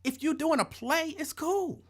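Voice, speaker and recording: A man's voice: very high-pitched, measured pace. A man hosting his own live show, chatting casually in a rambling, playful, colloquial way and repeating phrases for emphasis. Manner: animated, rambling,喜 playful storytelling. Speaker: show host. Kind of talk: casual live-stream rant.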